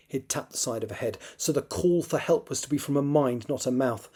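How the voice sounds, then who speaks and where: A man with a husky, mellow voice reads his own novel draft aloud. He tells the story in a steady, even way and stops now and then to fix a misread word. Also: medium pitch, fairly quick, few pauses. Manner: steady storytelling read with occasional self-corrections. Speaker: author.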